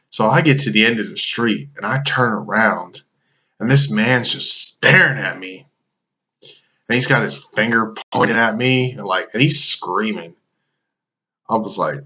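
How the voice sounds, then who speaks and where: Swearing man with a bright, low voice. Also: a little slow. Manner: loose, swearing, full of fillers. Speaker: storyteller. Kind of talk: casual profane anecdote.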